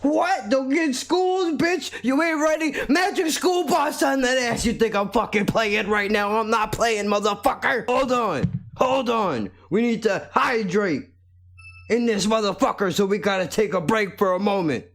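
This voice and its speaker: A man voicing a loud, cocky, unoriginal male mumble rapper who yells and brags. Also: high-pitched, a little slow, faint music behind, pitched above the performer's own voice. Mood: aggressive. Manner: yelling, boastful, swaggering.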